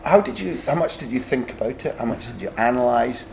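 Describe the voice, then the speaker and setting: A man's voice: mid-range voice, lively intonation, brisk, vocal fry, darkish tone, a little hiss or hum. A man hosting a podcast interview, asking long, searching questions scattered with fillers. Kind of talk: casual conversation.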